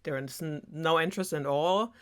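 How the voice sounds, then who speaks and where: A woman's voice: low-pitched, moderate pace, a bit bright, clean tone. A woman with a German accent voicing a smitten young prince in an offhand, casual way, close to her own voice.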